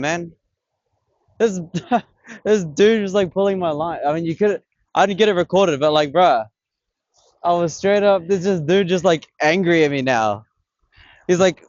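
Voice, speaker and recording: A young man gives fast, excitable commentary, full of swearing and slang. His voice sits a little high for a man. The audio is dull and dry, recorded outdoors on a camera on a tripod. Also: no echo. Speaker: vlogger. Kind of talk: casual fishing vlog commentary. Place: outdoors on a beach by the water.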